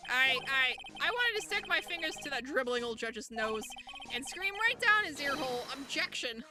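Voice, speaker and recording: A woman voicing a cranky old man who rants and shouts. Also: sits high, sing-song, normal speed, over music. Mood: indignant. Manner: cranky, ranting, shouts insults. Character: grumpy old man, ranting craftsman. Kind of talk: reading game dialogue aloud.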